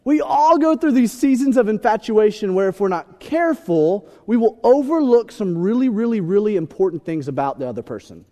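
A young man delivers a sermon with playful, animated energy, slipping into little acted-out bits. His voice sits high and swings widely in pitch. The sound carries the long reverb of a large hall. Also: brisk, few pauses. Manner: animated, joking, acts out voices. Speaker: pastor.

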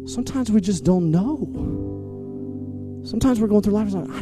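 A man preaching a lively, humorous sermon as pastor, energetic and jokey, swinging from loud calls to hushed asides. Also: high voice, moderate pace, long pauses, music in the background.

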